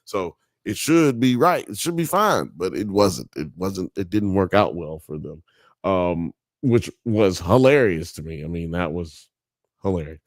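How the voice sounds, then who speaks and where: A man's voice: deep voice, lively intonation, measured pace, dry recording, clean studio sound. Profane Southern man, rambling commentary. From Alabama. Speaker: podcast host. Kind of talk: casual commentary on a TV documentary.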